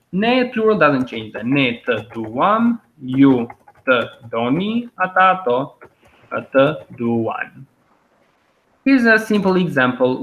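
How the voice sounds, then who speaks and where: Man, language teacher, patient and repetitive, somewhat high voice, roomy muffled audio. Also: a bit bright. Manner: patient, explains and repeats words slowly. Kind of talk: online language lesson.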